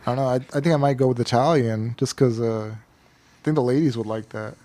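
A man's voice: medium pitch, a little fast, warm tone. A man co-hosting a comedy podcast, reading a news item aloud and then joking about it in casual chat. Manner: reads news aloud, then jokes and laughs. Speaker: podcast co-host.

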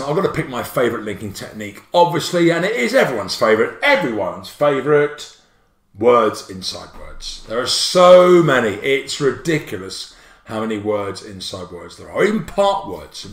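Lively, jokey man teaching spelling. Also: mid-range voice, normal speed, reverberant. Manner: bouncy, jokey, playful asides. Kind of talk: livestreamed spelling lesson.

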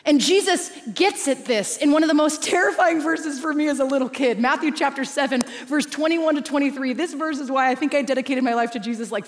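Woman pastor giving a sermon, kinda high voice, big echoey church, gets loud then goes quiet. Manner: animated, swinging between loud emphasis and hushed asides. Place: large church auditorium. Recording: long reverb of a large church hall.

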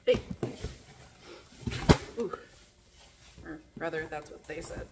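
A woman's voice: low voice, slow pace, pauses often, very noisy. A woman chatting casually while unboxing, gushing with breathless exclamations and laughter. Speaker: vlogger. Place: living in a garage.

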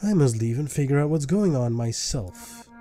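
A man reading out a mysterious stranger from a game, low and measured. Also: animated, mellow, a little hiss or hum, close to an everyday voice. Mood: aloof. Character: mysterious stranger, cold and aloof.

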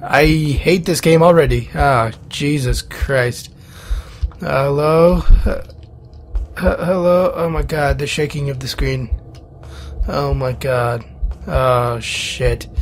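A man's voice: on the high side, fairly even intonation, slow, slight background noise. A young man with a cold, nervously commenting on a horror game, yelping and swearing at scares. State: sick, rough-sounding voice. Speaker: gaming YouTuber.

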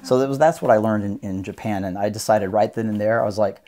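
A man's voice: on the low side, quick pace, dark tone. A man, a doctor of Oriental medicine, explaining his practice earnestly as a guest in a podcast interview. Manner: earnest, explanatory, acts out patients' voices.

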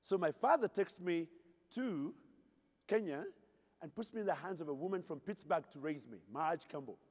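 A man from Zaire, the keynote speaker at a convention, entertains a hotel ballroom with humorous storytelling and playful questions to the audience. His voice is on the high side and a little mellow, with lively intonation and a normal speed. The hall is reverberant.

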